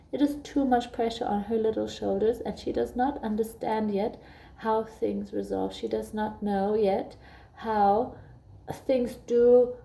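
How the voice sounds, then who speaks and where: A young adult woman talking earnestly and gently in a reflective personal vlog, encouraging other parents. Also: a little high, vocal fry. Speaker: parenting vlogger.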